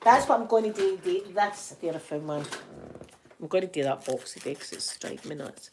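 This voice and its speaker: A woman's voice: on the low side, lively intonation, brisk, a little mellow, a little hiss or hum. A middle-aged woman with a Scottish accent, chatting casually and rambling to her viewers as a channel host, laughing often. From Scotland.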